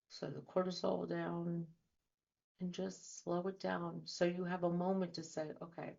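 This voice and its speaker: A woman's voice: fairly low pitch, vocal fry, darkish tone. A woman hosting a radio talk show as a trauma and life coach, talking earnestly and asking many rhetorical questions. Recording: dull lo-fi audio.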